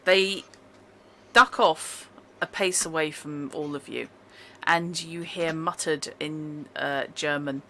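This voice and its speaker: Game master: woman, northern English accent, lowish pitch, bright forceful tone. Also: fairly even intonation, takes it slowly. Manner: playing several characters in between narration. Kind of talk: narrating a tabletop game.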